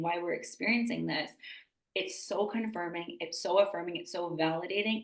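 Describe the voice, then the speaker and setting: A woman hosts a relaxed podcast chat, full of emphatic enthusiasm and loose "like" fillers. Her voice sits low with a gravelly edge. She is heard from some distance in an echoey room. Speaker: podcast host. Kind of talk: casual conversational interview.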